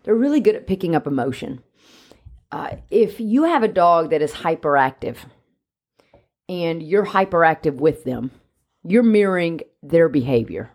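Low-voiced woman explaining dog training. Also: moderate pace. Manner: explains by steady examples, talkative. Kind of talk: casual podcast chat.

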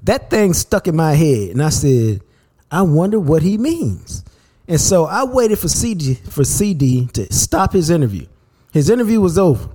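A man hosting a sports podcast, telling stories in an animated, slangy, casual way. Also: fairly high pitch, normal speed.

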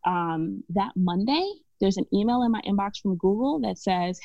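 A woman's voice: mid-range voice, moderate pace, warm tone, no room sound. A woman from Brooklyn, guesting on a podcast and telling her story candidly in a chatty way, often laughing. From Brooklyn, New York. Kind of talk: casual podcast conversation. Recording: dull lo-fi dry sound.

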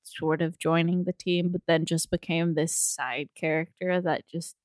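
A woman co-hosting a podcast, making sarcastic, animated remarks about a film. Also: on the low side, measured pace, dry recording. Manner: sarcastic, animated, laughs often. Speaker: podcast co-host. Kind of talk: casual movie review chat.

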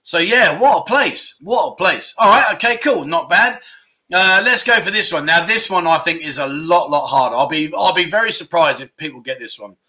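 Chatty bright-voiced man. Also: fairly high pitch, expressive, fairly quick. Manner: chatty, jokey, reads viewer comments aloud. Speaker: livestream host. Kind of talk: casual livestream chat.

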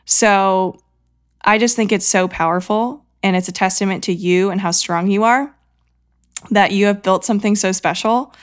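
A woman's voice: medium pitch, moderate pace, clean tone. Effusive, emotional woman podcast host. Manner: emotional, effusive, warm praise, tearful at times. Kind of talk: podcast interview.

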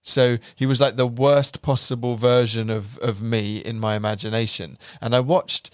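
A man's voice: mid-range voice, fairly even intonation, moderate pace, smooth, dry recording, studio quality. A young British man hosting a podcast, telling stories in a chatty, self-deprecating way. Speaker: podcast host. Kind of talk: casual chat.

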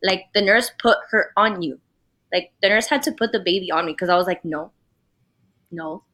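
A young woman, a podcast guest, telling a personal story in casual chat, blunt and animated, full of "like" and acted-out quotes. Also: mid-range voice, brisk. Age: young adult. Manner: blunt, animated storytelling, fillers of 'like', acts out quoted voices.

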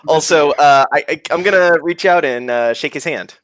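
A man's voice: fairly high pitch, moderate pace, fairly bright tone. A man playing a tabletop game, joking around and laughing with friends. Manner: playful, laughing often. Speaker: player. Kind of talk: casual tabletop play.

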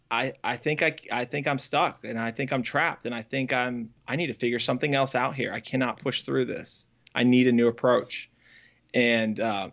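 A man, a former farrier, candidly telling his story as an interview guest, earnest and halting with frequent restarts. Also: medium pitch, fairly bright tone. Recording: slightly dull lo-fi audio.

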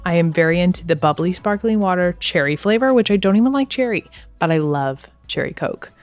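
A woman's voice: fairly low pitch, lively intonation, a little fast, faint music behind. A young woman co-hosting a podcast, chatting in an upbeat, enthusiastic way. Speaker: podcast co-host. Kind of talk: casual chat.

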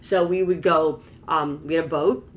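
A woman's voice: low voice, steady tone, normal speed, a little hiss or hum. A woman telling a personal story in a rambling, casual way, with many restarts and exasperated asides. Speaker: storyteller recounting her childhood.

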